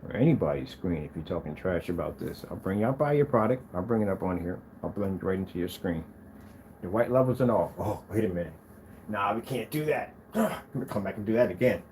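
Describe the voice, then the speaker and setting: A man testing and showing off his own projector screens, talking casually to the camera and to himself, proud and quick to defend his product. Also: low voice, slight background noise. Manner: animated, talks to himself as he browses.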